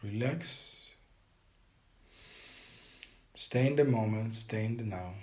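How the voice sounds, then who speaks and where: Slow-speaking man guiding a meditation. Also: lowish voice. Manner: calm step-by-step breathing instructions. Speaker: meditation guide. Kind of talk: guided meditation.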